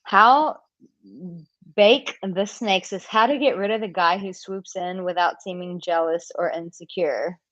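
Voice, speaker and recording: A woman's voice: fairly low pitch, unhurried, a bit bright, dry recording, dull audio. A woman dating coach answering viewer questions in a live Q&A, candid and chatty, acting out example lines.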